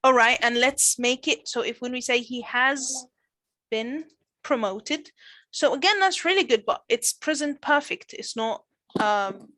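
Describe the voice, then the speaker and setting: Bright-voiced woman teaching online. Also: a little high, measured pace, no room sound. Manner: encouraging, many fillers like "all right". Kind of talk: online class, leading a grammar demo. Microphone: video call.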